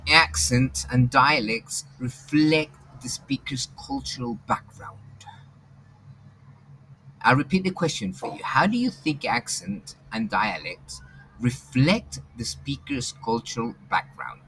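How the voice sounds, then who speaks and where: A man's voice: medium pitch, lively intonation, measured pace, a bit bright, slight background noise, poor audio. A man teaching an online English class, encouraging his students in a hesitant way over a video call.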